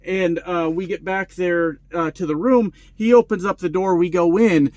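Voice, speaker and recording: Man around forty, fairly high voice, dry close sound, profane storytelling vlog. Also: a little slow, hardly any pauses, a little mellow, dry recording. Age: about 40. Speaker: truck driver vlogger.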